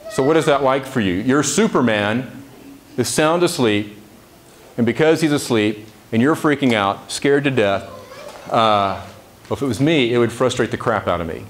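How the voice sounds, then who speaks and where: A man's voice: mid-range voice, normal speed, a little hiss or hum. A man giving a casual, conversational sermon in a church service, often checking in with the congregation. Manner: conversational, chatty asides, frequent "right?" to the congregation. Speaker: preacher.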